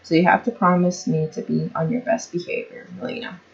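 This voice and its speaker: A strict but loving father lectures on manners, voiced by a woman reading a story. The tone is firm and steady. The recording is a little muffled. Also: on the low side, brisk, vocal fry. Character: stern, caring father teaching manners.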